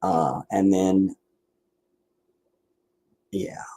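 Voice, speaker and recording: A man's voice: sits low, fairly even intonation, drawn-out words, dark tone. A man from the Washington DC area, tired and worn out, hosting a livestream in a rambling casual chat full of restarts and asides. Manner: meandering, many restarts and asides. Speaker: livestream host.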